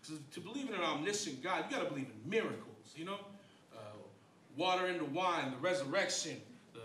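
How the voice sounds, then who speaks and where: A wry man in his thirties works through a self-mocking stand-up set, his voice sitting a touch high. He is caught from a distance in an echoey club, with a clear noisy bed behind him. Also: lively intonation, a little fast, pushed and bright. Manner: wry, self-deprecating, jumps to high-pitched voices for punchlines. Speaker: stand-up comedian. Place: comedy club stage. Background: audience laughter.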